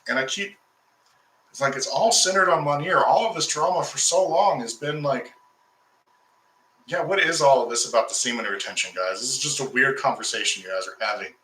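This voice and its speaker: Bright-voiced man telling a rambling story. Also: mid-range voice, fairly quick, roomy sound, poor audio. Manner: rambling, restarts, heated when recounting conflict. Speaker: occultist host. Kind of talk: casual storytelling to viewers.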